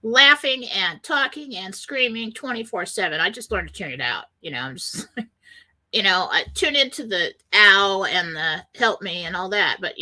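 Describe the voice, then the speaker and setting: Bright-voiced woman radio host. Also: medium pitch. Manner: earnest, rambling, quotes panicked voices. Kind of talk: spiritual self-help talk.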